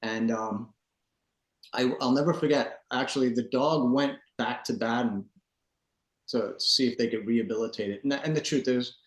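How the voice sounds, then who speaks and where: A man's voice: mid-range voice, moderate pace. A man, a dog trainer, telling a story as a podcast guest in an earnest, rambling way, with many restarts and "man" fillers. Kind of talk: casual storytelling. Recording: roomy echo.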